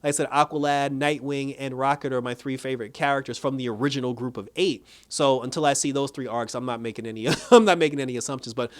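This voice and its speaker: A man recapping and reviewing a TV episode in an animated, casual way, laughing often and retelling scenes in the characters' words. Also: mid-range voice, quick pace, hardly any pauses. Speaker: TV show reviewer.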